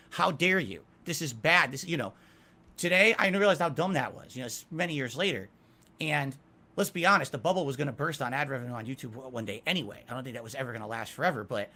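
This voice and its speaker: A man's voice: fairly high pitch, pushed and bright. A middle-aged man answering interview questions candidly, emphatic and self-critical about his past. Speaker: interview guest.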